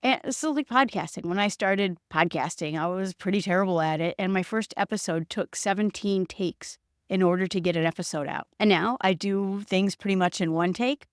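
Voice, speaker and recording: A woman's voice: mid-range voice, normal speed, clear, resonant tone, dry recording, studio quality. Reflective woman hosting a solo podcast. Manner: reflective, quotes her own inner voice. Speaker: podcast host. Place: home setup recorded on video.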